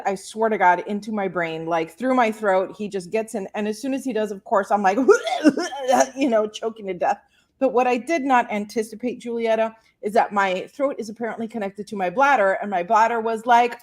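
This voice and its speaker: A woman in her forties, chatting on a podcast as a guest and telling a comic story with acted-out voices and laughter. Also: medium pitch. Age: 40s. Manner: animated storyteller who acts out voices and laughs. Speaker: guest, women's empowerment coach.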